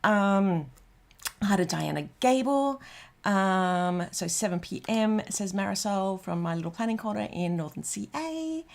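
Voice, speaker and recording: A woman's voice: medium pitch, expressive, a little slow, creaky. Aussie woman rambling through a live stream, lots of ums, super casual chat. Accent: Australian. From Australia. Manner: chatty and rambling, full of ums and restarts. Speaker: livestream host. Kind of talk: casual livestream chat reading out comments.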